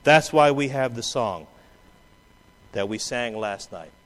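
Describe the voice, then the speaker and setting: A man preaching a sermon, swinging between loud quoted outbursts and low, quiet asides. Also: slow pace. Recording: long hall reverb.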